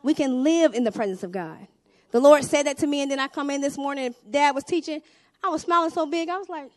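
A young woman with a Southern US accent preaches with animated energy, dropping to hushed asides and then rising to loud calls. Her voice sits high and lively. The sound is close and dry, with no room around it. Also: quick pace, no room sound. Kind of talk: sermon.

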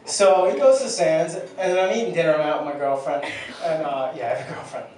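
Rambling crude young comedian, echoey club. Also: male voice, fairly high pitch, fairly quick. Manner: crude, rambling, self-deprecating storytelling. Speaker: stand-up comedian. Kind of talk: stand-up comedy set. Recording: distant, very echoey club recording with loud crowd.

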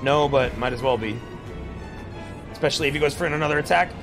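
A man's voice: fairly high pitch, quick pace, music in the background. A young man casually commenting on his game stream. He rambles, swears freely and yelps in surprise at what happens on screen. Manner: excitable, rambling and profane; exclaims loudly at game events.

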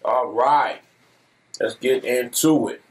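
A man co-hosts an eating show in relaxed casual chat. He talks in an unhurried, laid-back drawl at an ordinary middle pitch. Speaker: mukbang co-host.

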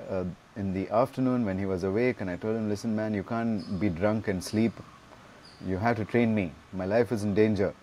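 Man, storyteller, animated, laughs often, lower pitch, faint background noise. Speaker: yoga teacher and guest. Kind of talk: casual storytelling.

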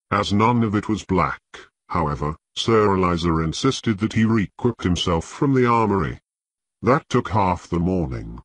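Husky low-voiced male audiobook narrator. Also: no echo.

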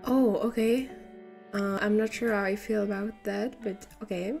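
A woman's voice: mid-range voice, fairly even intonation, moderate pace, creaky, darkish tone, soft background music. A young woman with a French accent who is not a native English speaker, reading a story aloud on stream and breaking into giggly, amused asides.

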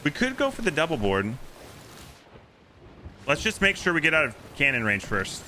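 A man streaming a pirate video game, talking loudly and theatrically with his crew, often laughing and playfully bossy. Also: on the high side, wildly swooping pitch, normal speed, slight background noise. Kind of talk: excited gameplay chatter.

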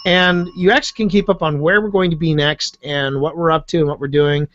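A man with an American accent, chatting as a podcast guest in a jokey way with quick restarts. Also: a little high, fairly even intonation, noisy background. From United States. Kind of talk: casual conversation. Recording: dull lo-fi dry sound.

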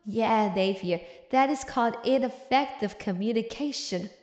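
A woman's voice: on the high side, normal speed, a little mellow. A woman hosting a casual comic recap, chatty and sassy in her commentary. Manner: chatty, sassy, laughs often. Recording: roomy echo with long reverb.

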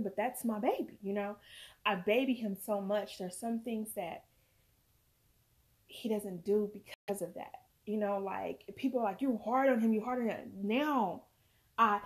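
A woman vlogging as a mother, talking earnestly and emphatically, swearing at times and close to tears. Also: medium pitch. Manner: earnest, emphatic, swings from loud to quiet. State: near tears. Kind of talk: emotional personal vlog talk.

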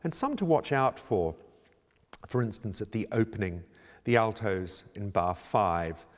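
A man working as a choir director, calmly explaining how to prepare a choral score in a measured, instructional way. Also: lowish voice. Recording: reverberant room with long echo.

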